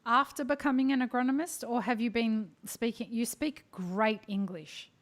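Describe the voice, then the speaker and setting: A woman's voice: fairly high pitch, fairly even intonation, normal speed. A woman hosting a podcast interview, chiming in often with small encouraging affirmations. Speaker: podcast host. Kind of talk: casual interview talk.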